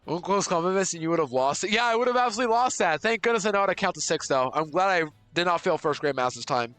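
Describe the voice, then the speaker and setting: A man streaming a video game live, chatting with his viewers and swinging from panicked outbursts to relaxed chatter. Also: sits high, fast, clear, resonant tone. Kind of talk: live gameplay commentary. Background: faint game music.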